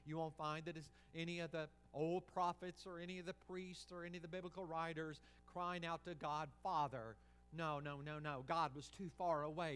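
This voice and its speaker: Male senior pastor, sermon delivery, high clear voice, swings between pleading and hush. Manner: impassioned, swings from loud pleading to hushed.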